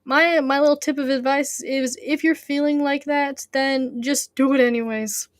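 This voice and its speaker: Woman streamer, high voice, dry close sound; rambling chat between reading, lots of restarts. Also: steady tone, moderate pace, dry recording. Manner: chatty and rambling, laughs often, many restarts. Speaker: audiobook reader and streamer.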